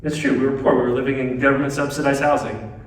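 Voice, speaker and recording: A man's voice: medium pitch, fairly even intonation, quick pace. Man preaching in a very echoey church. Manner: dynamic preaching, swings between loud emphasis and hushed lines. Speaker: pastor. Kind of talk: sermon. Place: church sanctuary. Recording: very echoey church hall, mic at a distance.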